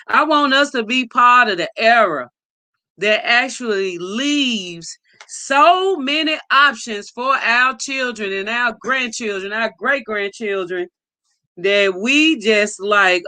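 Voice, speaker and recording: Upbeat woman livestream host, slow and bright. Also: a little high, no echo. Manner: warm, enthusiastic shout-outs to chat. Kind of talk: casual livestream greeting viewers.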